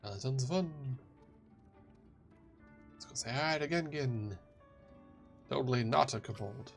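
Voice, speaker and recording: A man's voice: medium pitch, animated, unhurried, gravelly, soft background music. A man playing a video game and casually chatting, joking and reacting to the characters. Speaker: let's play gamer.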